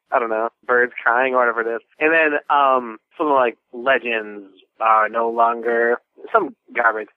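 A man's voice: mid-range voice, dry recording. A man rambles through a voicemail, hesitating and filling gaps as he goes. His voice comes through a narrow, tinny phone line with a dry sound. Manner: meandering, hesitant, lots of fillers. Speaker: voicemail caller.

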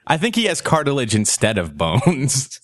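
A man in his thirties hosts a loose comedy podcast, cracking crude jokes and laughing between lines. His pitch swings up and down a lot, and the sound is dry and close with no room echo. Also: huge pitch swings, normal speed. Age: 30s. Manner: crude joking, laughs often. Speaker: podcast host. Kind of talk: casual comedic chat.

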